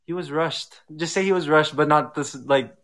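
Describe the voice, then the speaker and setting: A young man, a host playfully coaching a prank in quick asides. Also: fairly high pitch, fairly bright tone. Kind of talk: casual prank planning.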